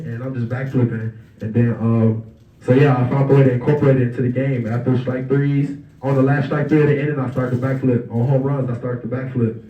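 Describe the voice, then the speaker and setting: A young man speaks to a banquet crowd in a relaxed, conversational way, slipping into the voices of the people in his stories. His mid-range voice sounds distant from the mic and echoes around a large room, with a dull, muffled tone. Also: mid-range voice. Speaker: guest speaker at an awards banquet. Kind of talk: casual storytelling speech. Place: banquet hall. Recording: roomy, distant, dull hall recording.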